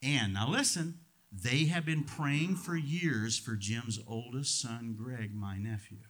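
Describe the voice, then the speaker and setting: A middle-aged man preaching a sermon as pastor, swinging from loud emphatic lines to hushed ones. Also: mid-range voice, slow pace.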